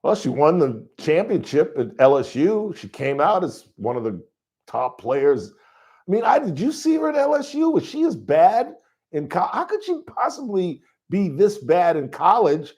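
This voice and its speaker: A middle-aged man hosting a call-in sports radio show in a studio, talking loudly and rambling through stories. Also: a little high, a little slow. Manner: loud, rambling, animated storytelling.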